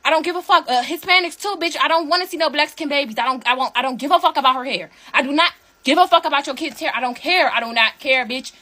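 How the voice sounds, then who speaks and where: A woman rants to her audience, heated and full of profanity, circling back to the same points again and again. Her voice sits high and sounds bright and sharp. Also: fast. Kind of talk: heated rant to camera.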